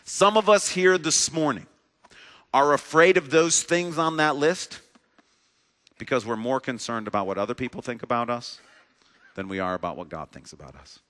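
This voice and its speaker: A man's voice: medium pitch, moderate pace, fairly bright tone. A male pastor delivering a sermon in a church sanctuary, earnest, with a repetitive preaching cadence. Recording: long reverb of a large hall.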